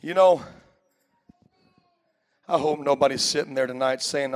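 A man pastor preaching a sermon in a church, with a rhythmic cadence that swells into shouts and frequent "uh" breaths. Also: medium pitch, measured pace, pauses often. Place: church sanctuary before a congregation.

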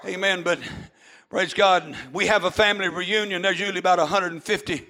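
An older man, a preacher, giving a fervent sermon testimony, peppered with amens and rising to shouts. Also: high voice, fairly even intonation, fairly quick.

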